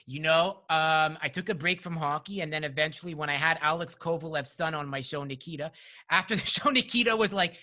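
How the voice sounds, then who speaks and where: A man's voice: on the high side, brisk, bright, forceful tone, no room sound. A man from Montreal hosting a podcast, telling stories in a rambling, casual way full of "like" and "you know". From Montreal, Canada. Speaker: podcast host. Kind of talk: casual chat, storytelling.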